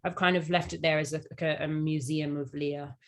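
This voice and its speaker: Low-voiced young London woman. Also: little pitch movement, brisk. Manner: upbeat, laughs easily, lots of "um"s. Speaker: actress guest. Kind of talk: casual interview chat.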